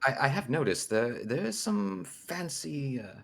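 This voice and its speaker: A man's voice: medium pitch, sing-song, a little slow, gravelly, voice pushed up, heavily acted. A man voicing a small male gnome traveler who talks in a formal, overly courteous way. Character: tiny gnome traveler, male, grandly polite.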